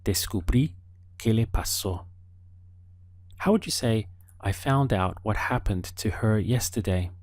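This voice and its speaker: A man leads an audio language lesson at an unhurried, careful pace, giving the listener room to answer. His voice sits a little low. The recording is close and dry, with no room sound. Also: a little mellow, dry recording. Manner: slow, patient prompting with pauses for the learner. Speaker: language teacher.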